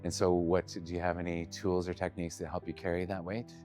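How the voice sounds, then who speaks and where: A man hosting an interview, asking questions in a calm, measured way. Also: sits low, soft background music. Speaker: interviewer, show host.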